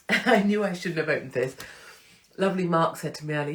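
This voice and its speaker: A woman's voice: lowish voice, a little fast. A middle-aged woman hosting her online show, talking to followers in a casual, blunt, chatty way and swearing freely. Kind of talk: casual unscripted monologue to followers.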